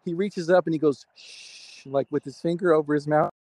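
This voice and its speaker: A man's voice: on the high side, steady tone, quick pace, darkish tone, dry recording. A middle-aged man, a guest, telling enthusiastic anecdotes in a casual interview chat.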